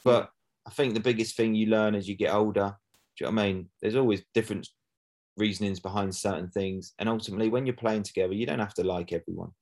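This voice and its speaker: A man's voice: lowish voice, fairly even intonation, quick pace, a little mellow. A middle-aged man, a former footballer, chatting casually as a guest and often asking "do you know what I mean". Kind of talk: casual interview chat.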